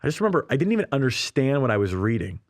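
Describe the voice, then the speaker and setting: A man from Canada, a ministry leader, telling his story as an interview guest in a lively, animated way, acting out quoted dialogue and laughing often. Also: medium pitch, rapid-fire, no room sound, clean studio sound.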